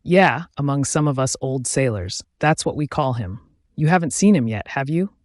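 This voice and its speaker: A man's voice: mid-range voice, lively intonation, moderate pace, dry recording, studio quality, natural voice. A man voicing a shabby, scarred old sailor who rambles ominous warnings in a cryptic, mocking way.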